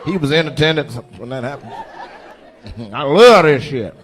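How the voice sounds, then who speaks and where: A man doing stand-up comedy and crowd work on a club stage, loud and animated, swinging between shouts and mutters, recorded live with a stage mic. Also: a little high, normal speed.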